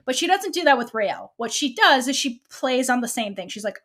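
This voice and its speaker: Animated woman recapping a TV episode. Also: sits high, a little fast. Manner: animated, acts out characters' lines while recapping. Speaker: podcast co-host.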